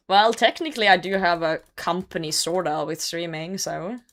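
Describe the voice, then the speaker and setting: A woman's voice: on the low side, a bit bright. A young woman streaming a game and chatting casually, reading chat messages aloud and laughing often. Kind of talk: casual gaming livestream chat.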